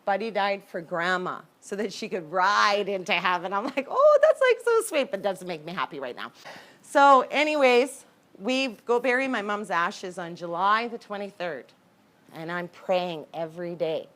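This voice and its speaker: A woman telling a personal story in a candid, conversational way, with sudden jumps in pitch and loudness. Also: moderate pace. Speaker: horse owner telling her story.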